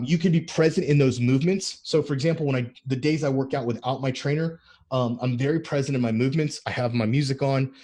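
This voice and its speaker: A man co-hosting a podcast, talking in an energetic, preachy motivational way that builds in intensity. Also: a little high. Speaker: podcast co-host.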